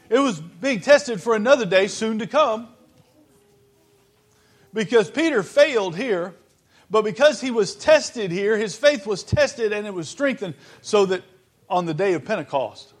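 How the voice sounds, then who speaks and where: A man's voice: high-pitched, expressive, measured pace. A man preaching a sermon in an earnest, conversational way, often restarting his sentences.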